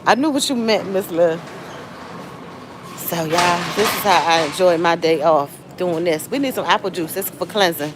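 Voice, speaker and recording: A woman's voice: lowish voice, normal speed. A woman from the Southern US with a Southern accent, chatting casually to livestream viewers while shopping and breaking into sudden exclamations. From Southern United States. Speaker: livestream host. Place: grocery store. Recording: noisy store ambience.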